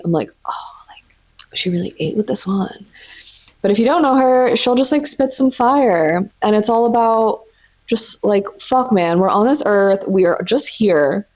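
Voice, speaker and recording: A woman in her twenties with a fairly low, darkish voice hosts a casual solo podcast from her home, seated on the floor. She talks in a chatty, profane way, with many "like" fillers.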